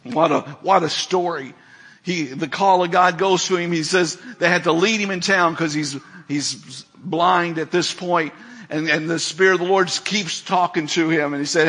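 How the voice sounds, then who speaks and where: A middle-aged male pastor delivers a storytelling sermon, his voice sitting a touch high and ringing bright. He presses his points with emphatic repetition and keeps checking in with rhetorical questions to his listeners. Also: steady tone, normal speed.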